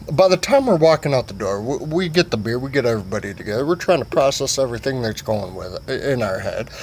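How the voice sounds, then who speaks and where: A man telling a crude comic story, rambling and profane, with a faint hiss behind him. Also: medium pitch. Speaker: comedic storyteller.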